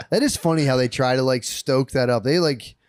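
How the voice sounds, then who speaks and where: A man's voice: mid-range voice, moderate pace, dry recording, clean studio sound. A man co-hosting a podcast, telling crude stories in casual chat and mocking people in put-on voices. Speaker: podcast co-host.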